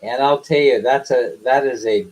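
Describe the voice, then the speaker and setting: A man's voice: mid-range voice, moderate pace, darkish tone, poor audio. An older man hosting a casual livestream, telling stories in a chatty way, laughing often and acting out what people said. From the West. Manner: chatty storyteller, laughs often, acts out quoted lines. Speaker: livestream host. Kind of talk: casual live chat.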